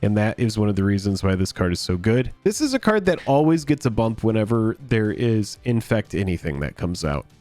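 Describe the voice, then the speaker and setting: A man co-hosting a casual chat about card prices, relaxed and wry. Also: fairly low pitch, brisk, hardly any pauses, soft background music. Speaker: co-host.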